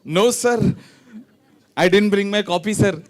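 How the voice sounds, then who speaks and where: A man with a high-sitting voice and a measured pace emcees a lively quiz game in a large hall during a ceremony. He plays the event host, teasing teachers in a playful way as he tests them with tongue twisters, moving back and forth between English and Hindi.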